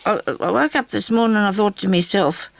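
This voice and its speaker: A woman's voice: medium pitch, brisk, vocal fry. An Australian woman chatting in a casual, rambling way while she crafts and tells stories. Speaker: craft vlogger.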